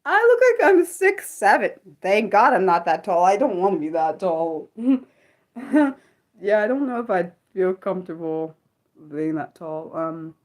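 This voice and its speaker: Livestream host: woman, casual and rambling, pitch leaping up and down as she reacts to chat. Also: animated, darkish tone. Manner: chatty, rambling, quick to exclaim and react to chat. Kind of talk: unscripted livestream chat with viewers.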